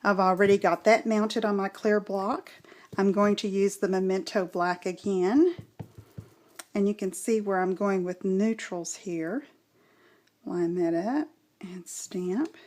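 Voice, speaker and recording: Slow, gentle woman talking through a craft project. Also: mid-range voice, fairly even intonation. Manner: gentle, unhurried, explains each step while working. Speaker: craft tutorial host. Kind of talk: step-by-step crafting tutorial.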